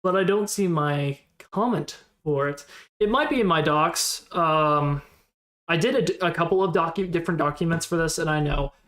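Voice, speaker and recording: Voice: mid-range voice, normal speed, a bit bright. A streamer in casual live-stream commentary, thinking aloud in a rambling, unsure way and replying to chat in passing.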